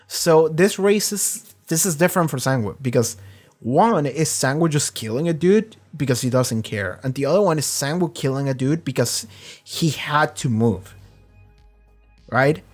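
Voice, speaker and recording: A man chatting through a show review in a loose, rambling flow. He swears freely and gets worked up, with a mid-range voice that is neither high nor low. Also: normal speed, faint music behind. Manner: rambling, profane, excitable. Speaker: reaction video host. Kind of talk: casual reaction and review chat.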